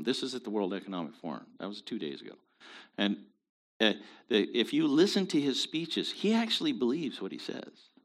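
A man's voice: on the low side, fairly bright tone. A man hosting a show, giving opinionated commentary in an emphatic, preachy way. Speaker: show host.

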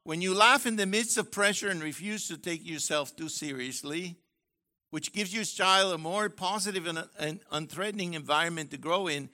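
A man with a high, bright voice delivers a sermon. He is lively and joking, and he slips into playful voices to act out his points. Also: moderate pace. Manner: animated, jokey, acts out voices. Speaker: preacher; university professor.

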